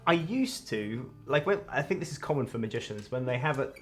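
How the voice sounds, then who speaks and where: A man's voice: mid-range voice, lively intonation, fairly quick, soft background music. A man, chatting casually as a guest about his work as a wedding magician and acting out people's reactions as he talks. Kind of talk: casual chat.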